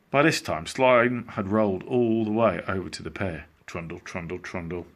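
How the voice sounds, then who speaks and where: A man reading a children's storybook aloud as a teacher, in an animated, expressive way. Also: sits low, normal speed, hardly any pauses.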